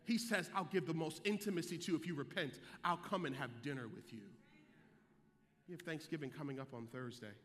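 A young adult man, a pastor, preaching a sermon in a church sanctuary, moving between quiet teaching and shouted calls to the congregation. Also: fairly high pitch, a little fast, in a large hall.

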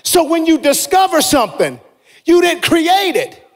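A man preaching a sermon as pastor, with a shouting, half-sung cadence. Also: very high voice, sing-song, measured pace. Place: church sanctuary. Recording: long reverb of a large hall.

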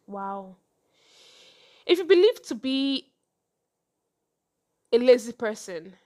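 A young woman hosts a casual podcast and gives advice. Her voice sits a little high, and she talks fast, with animated swings and frequent laughs. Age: young adult. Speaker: podcast host.

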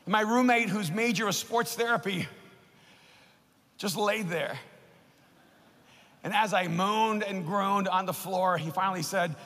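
A man preaching a sermon and telling a personal story, growing impassioned and building to shouts. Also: high voice, a little slow, pauses often. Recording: long hall reverb.

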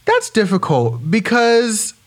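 A man's voice: sits high, slow pace. Young man with a British accent. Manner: relaxed, brief agreeable replies. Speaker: guest co-host. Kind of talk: casual chat.

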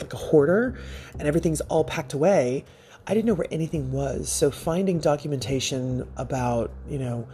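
A man hosting a podcast, telling a personal story in a casual, rambling way, with self-deprecating asides and soft laughs between thoughts. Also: a little high. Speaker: podcast host.

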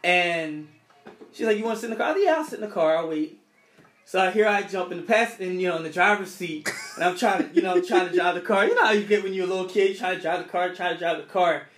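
A man's voice: sits high, fast, a bit bright, roomy sound. A young man casually telling a story from his childhood, rambling and restarting his sentences often.

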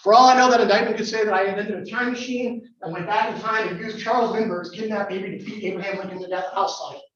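A man's voice: high-pitched, steady tone, quick pace, a bit bright, a little hiss or hum. A man, a lawyer, giving a conversational, wry talk to a live audience and putting questions to them. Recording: echoey room from far off, dull sound.

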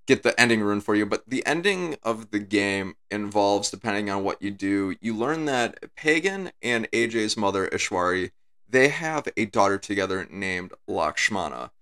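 A man's voice: lowish voice, pushed and bright, smooth. A man talking casually through his analysis and restating his points as he goes. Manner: talks things through, repeats his points. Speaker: video essay creator.

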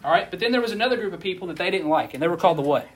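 Animated, husky-voiced preacher man. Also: high voice, rapid-fire. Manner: conversational, asks the audience questions, animated. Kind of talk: casual sermon to a youth group.

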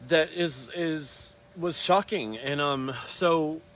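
A man's voice: fairly high pitch, slow pace, fairly bright tone, slight background noise. A hairstylist man talking casually to his camera, rambling through a long story with many tangents and restarts.

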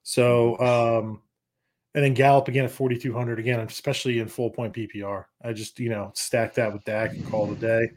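A man's voice: medium pitch, little pitch movement, a little mellow. Rambling, profane man talking football. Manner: rambling, profane, talks fast in bursts; confident fantasy football analysis. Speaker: podcast guest. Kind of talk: casual sports chat.

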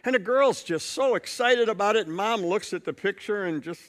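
A man's voice: sits high, animated, moderate pace, a bit bright. A male pastor preaching a sermon, telling a story and building points through repetition.

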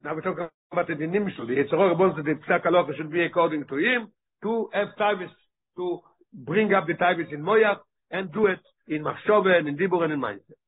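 A male teacher leading a text study class, reading passages rapidly and then explaining them with frequent rhetorical questions. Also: fairly high pitch, slightly rough. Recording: tinny phone-like line.

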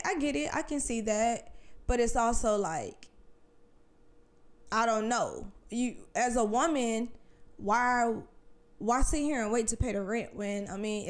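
Woman, casual personal monologue, slightly high, slangy and emphatic. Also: darkish tone. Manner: slangy, conversational, emphatic rhetorical questions. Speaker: speaker sharing personal views.

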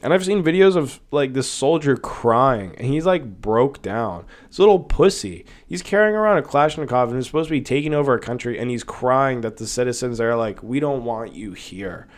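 A man's voice: medium pitch, lively intonation, fairly quick, few pauses. A young man talking alone into his podcast mic in a loose, heated rant. He swears freely, circles back on himself and keeps pushing his point. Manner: profane, heated, rambling. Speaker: podcast host. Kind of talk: casual solo podcast rant.

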